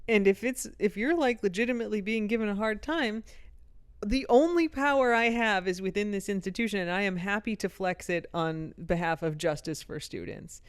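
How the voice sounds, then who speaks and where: A middle-aged woman co-hosting a casual podcast, animated and quick to laugh, reading a listener's letter aloud and swearing casually. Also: medium pitch, clear, resonant tone, no echo, studio quality. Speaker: podcast co-host.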